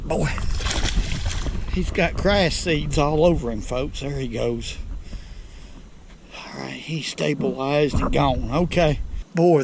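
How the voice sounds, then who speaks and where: A man with a Southern US accent hosting a fishing vlog from a lake bank, folksy and excitable as he talks straight to viewers. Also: fairly high pitch, vocal fry. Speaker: fishing channel host. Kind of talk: outdoor fishing vlog commentary. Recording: outdoor noise behind voice.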